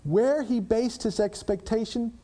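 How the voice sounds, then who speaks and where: A man's voice: very high voice, unhurried, warm tone. A man preaching a sermon, reading scripture aloud and breaking into dramatic plain-spoken commentary with rhetorical questions.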